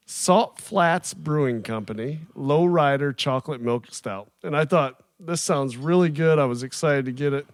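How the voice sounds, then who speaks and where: A podcast co-host with a fairly high voice tells stories in casual chat, full of animated energy, frequent laughter and acted-out quoted voices. He's recorded close on a studio microphone in a dry room with no echo.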